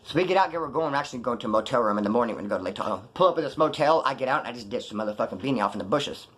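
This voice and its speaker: Husky and medium-pitched, a young man races through a casual story packed with swearing and slang. The vlogger relives prison and post-release episodes, mimicking what others said with lively, profane street talk.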